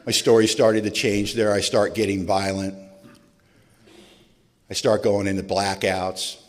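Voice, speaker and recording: A man's voice: fairly low pitch, level tone, measured pace. A man in his forties telling his own recovery story to an audience, with a self-deprecating, humorous way of talking. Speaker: recovery meeting speaker. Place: large event hall. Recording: long reverb of a large hall.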